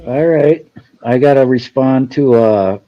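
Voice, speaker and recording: A man's voice: mid-range voice, unhurried, muffled recording. A man hosting a casual livestream chat, joking and greeting viewers by name. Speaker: livestream host.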